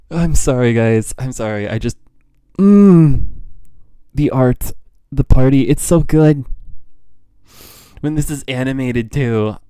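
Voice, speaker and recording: Young guy streamer reacting live, slow and mellow, smooth voice, gets all excited and trails off mid sentence. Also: mid-range voice, no room sound, clean studio sound. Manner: excitable fan, gasps, laughs and frequent trailing restarts. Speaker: streamer reacting to a manga chapter.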